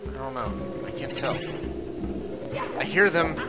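A man's voice: mid-range voice, unhurried. A man hosting a let's play, giving casual, chatty commentary as he plays, amused with himself and thinking aloud, with game music behind. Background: video game music.

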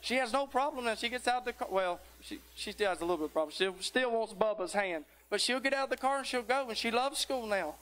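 A man's voice: extremely high pitch, animated, fast talker, hardly any pauses, a bit bright. A middle-aged man, preaching a folksy sermon that builds into fervent exhortation. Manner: tired near the end.

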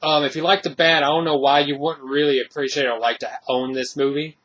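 A man with a somewhat high, bright, forceful voice talks through a horror movie review in loose, casual speech. He rambles, circles back and leans on filler words. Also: flat delivery, a little fast. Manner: rambling, many fillers and restarts.

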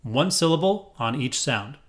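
Male music teacher, mid-range voice, patient and clear, counts in and chants rhythm syllables. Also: mid-range voice, lively intonation, a little slow, a bit bright. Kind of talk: rhythm reading lesson.

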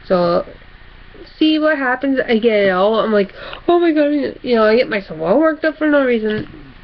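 A woman's voice: fairly high pitch, expressive, moderate pace, muffled recording, a little hiss or hum. A woman vlogger, chatting casually in a rambling, self-correcting way. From upper Midwest of the United States. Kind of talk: casual chat.

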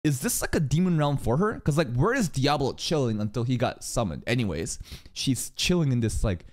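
Excitable man reacting to anime. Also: mid-range voice, brisk. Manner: excitable, swearing, shouting questions at the screen. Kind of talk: live reaction commentary.

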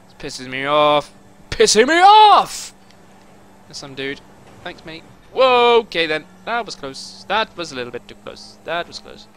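A man's voice: a little high, big pitch swings, moderate pace, a bit bright, a little hiss or hum. A young man commentating his own gameplay, swearing often and boiling over in frustrated outbursts. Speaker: gaming YouTuber.

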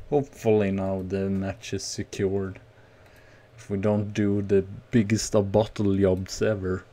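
Male streamer, unhurried gravelly delivery, nervous play-by-play of a football game. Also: lowish voice. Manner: nervous, excitable play-by-play with outbursts. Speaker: gaming streamer. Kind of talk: casual game commentary.

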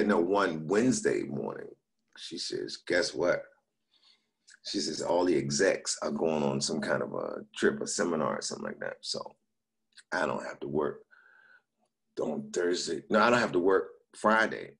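A gravelly bass voice belongs to this middle-aged comedian, who is a guest telling casual stories. He laughs through his anecdotes and acts out the people he quotes.

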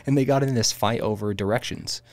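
A man co-hosting a podcast, in relaxed spiritual chat, dropping "dude" and "like" often. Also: medium pitch, a little fast, no room sound. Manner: relaxed, says "dude" and "like" a lot. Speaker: podcast co-host.

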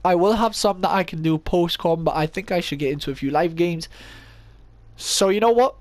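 A man's voice: high-pitched, normal speed, no room sound. A young man giving casual gameplay commentary, thinking aloud and poking fun at himself. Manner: chatty, thinks aloud, self-mocking. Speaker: gaming YouTuber.

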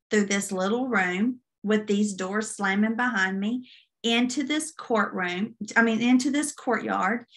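Lady preacher sharing a dream story, earnest, kinda high voice. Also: fairly bright tone. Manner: earnest testimony with vivid retelling. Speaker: minister. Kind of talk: sermon storytelling.

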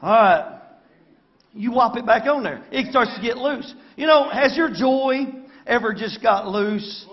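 High-voiced Southern preacher calling for amens. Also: male voice, animated, measured pace, muffled recording. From Arkansas. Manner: folksy, calls for amens. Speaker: pastor. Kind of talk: sermon. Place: church sanctuary.

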